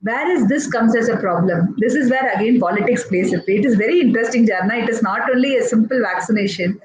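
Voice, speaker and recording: Speaking fast in a slightly high, slightly mellow voice, an Indian woman pediatrician walks through her points step by step during a live online talk. Her Indian English is full of fillers and restarts, and the sound is echoey, dull, lo-fi, and faintly noisy.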